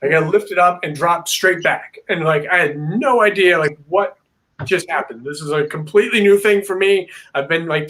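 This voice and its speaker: A man as a guest on a video-call interview, telling a story in a rambling, filler-heavy, animated way. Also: on the high side. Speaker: paranormal investigator guest.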